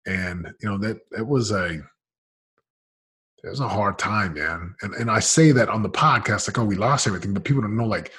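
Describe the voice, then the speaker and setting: A man's voice: fairly low pitch, a little fast, fairly bright tone, husky. A man in his forties, a podcast guest telling his story candidly in an emphatic, casual, slangy way.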